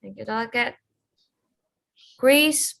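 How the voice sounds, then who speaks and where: A woman's voice: on the high side, takes it slowly, gravelly, a bit bright. A woman chairing an online committee, calling the roll over a video call in a hesitant way with many fillers.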